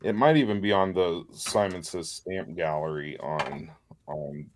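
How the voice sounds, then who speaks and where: A man with a deep voice, a pastor chatting casually and laughing easily while crafting on a live show. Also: measured pace, gravelly, a little hiss or hum. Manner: relaxed, laughs often, self-deprecating.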